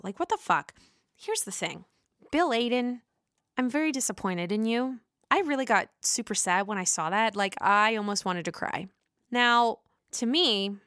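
A woman's voice: medium pitch, pushed and bright, dry recording, studio quality. Chatty, profane woman recapping gossip. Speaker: reality TV recapper.

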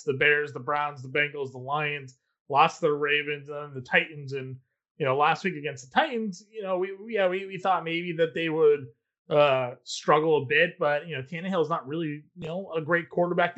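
A man's voice: fairly high pitch, pushed and bright, dull audio. A man co-hosting a casual sports betting talk, reasoning through picks with many fillers. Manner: measured, filler-heavy reasoning. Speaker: sports betting podcast co-host.

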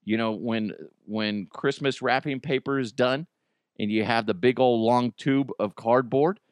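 A man hosting a casual podcast, talking at a middle pitch in a rambling, animated way. He jumps up high when he quotes himself. The sound is dry and close. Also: measured pace, clean tone, no room sound. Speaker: podcast host. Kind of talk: casual chat.

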